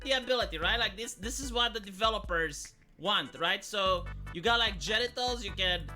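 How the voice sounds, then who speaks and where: A man's voice: sits high, normal speed, pushed and bright, soft background music. A man with an accent, complaining earnestly in a video monologue, often stalling and restarting.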